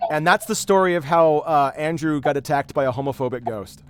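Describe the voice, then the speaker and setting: A man's voice: on the high side, a little fast, heavy background noise. A man hosting a game stream, telling a story in casual chat with many restarts and fillers. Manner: rambling, animated storyteller with frequent restarts. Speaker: streamer host.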